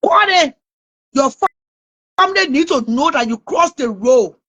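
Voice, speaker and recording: A woman's voice: sits high, animated, moderate pace, fairly bright tone. A woman with a Liberian English accent, ranting and scolding someone online with mocking laughs. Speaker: online commentator. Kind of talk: taunting live rant.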